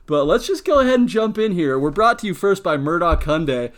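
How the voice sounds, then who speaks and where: A young man with a slightly high voice hosts a casual sports podcast. He jokes a lot and fires off quick questions at his co-host. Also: sing-song.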